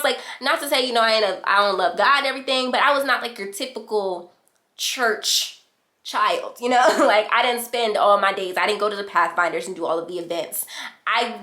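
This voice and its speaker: A young woman vlogger telling a storytime in casual chat, animated and slangy, acting out what others said. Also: medium pitch, brisk. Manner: animated, slangy, acts out quotes. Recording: echoey room.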